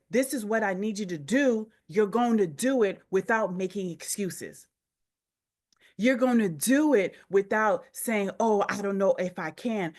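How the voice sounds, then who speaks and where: A woman's voice: medium pitch, darkish tone. A woman leads a motivational coaching session over a group call. She drives her points home through repetition and direct appeals to her listeners, with a voice in the middle of the usual range. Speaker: business coach.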